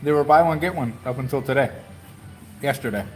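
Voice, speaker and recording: A man's voice: medium pitch, brisk, soft background music, rough recording. A man hosting a live stream from inside a bike shop, chatting playfully and laughing often. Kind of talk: casual live-stream chat.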